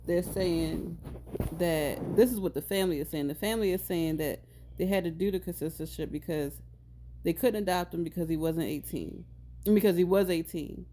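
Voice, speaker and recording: A woman's voice: lowish voice, moderate pace, warm tone, slight background noise. A woman in her thirties co-hosting a podcast, chatting casually with playful laughing asides. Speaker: podcast co-host. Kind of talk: casual chat.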